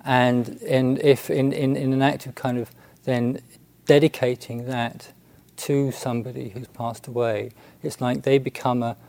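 A man, a Buddhist monk, telling a story in a halting, unhurried way with many restarts and fillers. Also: medium pitch, level tone, creaky, mellow, no echo. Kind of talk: storytelling talk.

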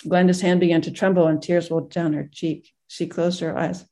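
A group teacher reading a moving story aloud in a gentle way, with pauses and restarts. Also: mid-range voice, level tone.

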